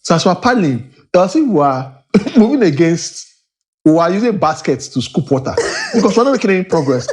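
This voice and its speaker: A man's voice: high voice, fairly quick. A man, co-hosting a casual podcast and telling stories with lots of acting out and laughter. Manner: animated storyteller, acts out quotes, laughs often. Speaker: podcast co-host. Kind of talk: casual chat.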